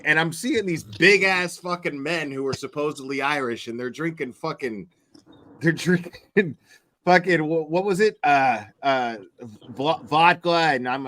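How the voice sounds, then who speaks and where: A man's voice: on the high side, measured pace, fairly bright tone. A man co-hosting a casual, profane commentary chat, speculating aloud and reacting with incredulity. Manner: incredulous, speculative, laughs at his co-host.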